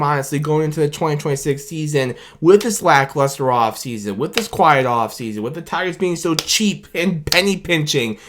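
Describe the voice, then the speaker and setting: Excitable man rambling about his team. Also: fairly high pitch. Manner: excited and rambling, laughing often. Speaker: sports fan YouTuber. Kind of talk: excited instant-reaction vlog.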